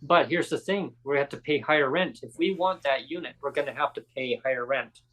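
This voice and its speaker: Speaking a touch quickly in a mid-range voice, this male podcast host spins an animated tale in a relaxed conversation. He imitates the people he quotes, though the recording quality is bad.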